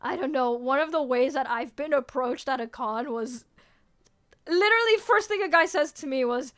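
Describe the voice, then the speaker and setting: A woman's voice: high-pitched, animated, moderate pace, a bit bright. A young woman VTuber chatting casually with her viewers, playful and teasing, laughing often and cutting herself off mid-sentence. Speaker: VTuber streamer. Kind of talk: casual stream chat, answering viewers.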